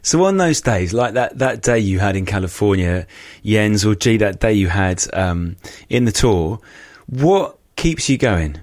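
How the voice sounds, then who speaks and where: A man hosting a podcast who asks his guests questions in a halting way, rephrasing as he goes. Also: lowish voice, animated, darkish tone, no echo. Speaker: podcast host. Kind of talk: casual interview questions.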